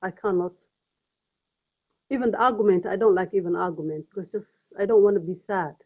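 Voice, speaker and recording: Somali-accented woman vlogger, mid-pitched, earnest and halting, narrow phone-quality sound. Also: slightly rough. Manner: earnest, pleading, halting and repetitive. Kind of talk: personal testimony vlog. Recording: tinny phone-like audio.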